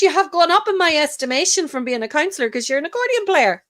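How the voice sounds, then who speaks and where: A woman's voice: sits high, animated, brisk, fairly bright tone, no room sound, clean studio sound. A woman hosting an online show, chatting casually and rambling with fillers. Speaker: host. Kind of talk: casual livestream chat.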